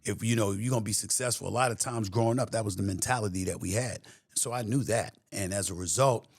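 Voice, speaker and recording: A man's voice: on the low side, fast talker, slightly rough, no room sound, clean studio sound. A middle-aged man with a New York accent, a guest talking in an emphatic, streetwise way in a casual interview. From New York City.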